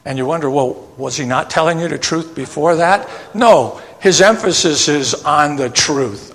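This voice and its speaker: A man's voice: a little high, fairly bright tone. Preaching man in an echoing church. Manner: reads verses slowly, then explains in plain asides ending with "okay?". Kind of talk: sermon with scripture reading. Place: church sanctuary. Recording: long church reverb.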